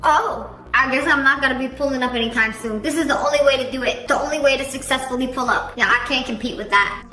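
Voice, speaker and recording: A high, bright-voiced woman chats her way through viral clips, quick with a sarcastic quip. She sounds like she is in an echoey room, with faint music playing underneath. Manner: chatty and playfully sarcastic. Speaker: reaction video host. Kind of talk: casual reaction commentary.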